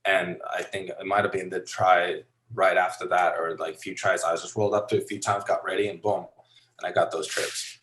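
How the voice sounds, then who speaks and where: A man from Finland, a podcast guest, telling stories in a loose, animated way with many fillers. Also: sits low, a little fast, a little hiss or hum, low-quality recording. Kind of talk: casual storytelling interview.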